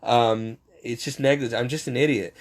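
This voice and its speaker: A man's voice: mid-range voice, steady tone, moderate pace. A man giving a casual, rambling faith monologue, poking fun at himself and chuckling as he talks. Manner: rambling, self-mocking storyteller; frequent chuckles.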